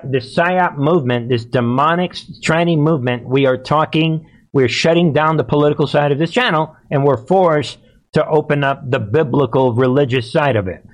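Agitated preachy male commentary host. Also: fairly high pitch. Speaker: host of a political commentary channel. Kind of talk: live-streamed political commentary.

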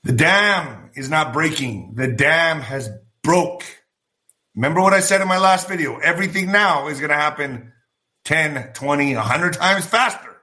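Brash, bright-voiced male vlog host. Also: fairly high pitch, normal speed. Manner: animated, profane, gestures with hands while talking; former boxer. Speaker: show host. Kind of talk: political commentary vlog.

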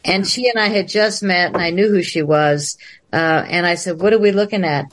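This woman filmmaker's voice runs a bit low, and she keeps a moderate pace. Over a livestream video call, she animatedly relates a long story, switching voices to act out the dialogue.

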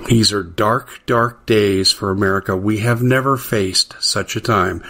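A middle-aged talk radio host delivers an indignant political monologue in a steady, slightly bright tone at a somewhat slow pace. His pitch climbs to stress key words as he makes his emphatic case.

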